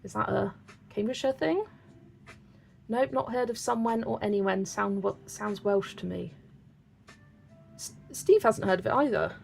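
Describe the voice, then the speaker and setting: A chatty young woman from Wiltshire with a faint West Country lilt, talking casually while she colours and laughing often. Her voice has a slightly gravelly edge, and soft music plays faintly behind her. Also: medium pitch, unhurried, pauses often. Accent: West Country English, light. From Wiltshire, England. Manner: chatty, laughs often, reads chat aloud. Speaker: colouring channel host.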